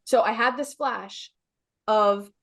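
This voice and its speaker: A woman's voice: a little high, slow, fairly bright tone. A middle-aged woman, a guest on a podcast, telling a personal story in an earnest, emotional way, often restarting and saying "like, you know".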